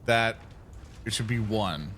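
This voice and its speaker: A man's voice: on the low side, slow pace, fairly bright tone, slight background noise. A man playing in a tabletop game, good-naturedly arguing rules and explaining the mechanics of his turn. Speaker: player. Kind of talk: casual table chat.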